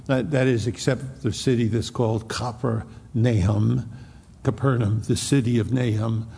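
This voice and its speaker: Gravelly husky preacher in a reverberant hall. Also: male voice, mid-range voice, fairly even intonation, unhurried, mellow. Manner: storytelling, frequent restarts, acts out quotes. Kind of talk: expository sermon.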